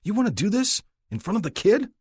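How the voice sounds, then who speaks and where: A man's voice: high voice, very animated, fairly quick, a little mellow, husky, dry recording, clean studio sound, voice pushed up, exaggerated voice. A man voicing an anxious young rookie police officer who pleads in a tight, whining voice. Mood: pleading.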